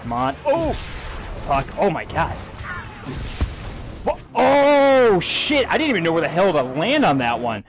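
A young man streaming a video game, joking excitedly and swearing as he plays, laughing at his own jokes. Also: fairly high pitch, normal speed, vocal fry, noisy background. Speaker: gaming livestreamer. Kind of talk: casual let's-play commentary. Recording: game music playing behind the voice.

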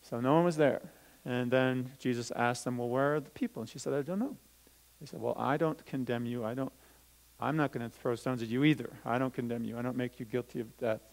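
A man's voice: medium pitch, fairly even intonation, brisk, creaky, rough recording. A man, a pastor, reading a scripture story aloud and explaining it simply to children. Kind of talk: children's talk. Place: church sanctuary.

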